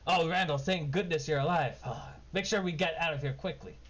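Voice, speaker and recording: A man's voice: on the high side, moderate pace, a bit bright, voice pushed up. A man voicing a male halfling prisoner who sounds breathless and relieved. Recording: dull lo-fi mic with faint noise.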